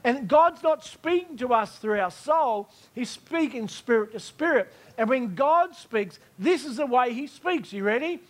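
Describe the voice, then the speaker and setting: High-voiced emphatic male preacher. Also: lively intonation, measured pace, hardly any pauses. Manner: emphatic, repeats key phrases, checks in with listeners. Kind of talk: sermon.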